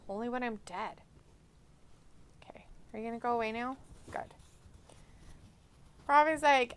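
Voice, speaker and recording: A woman's voice: on the high side, animated, moderate pace, pauses often, a bit bright. A woman hosting a casual live watch-along stream, reading chat aloud, blunt and profane, chatting to her cat between remarks.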